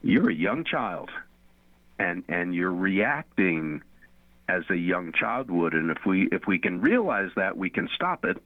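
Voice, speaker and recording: A man's voice: deep voice, sing-song, a little slow, dry recording. A man on a Christian radio show, earnestly teaching and repeating phrases for emphasis. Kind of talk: conversational faith talk on radio. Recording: phone-like radio line.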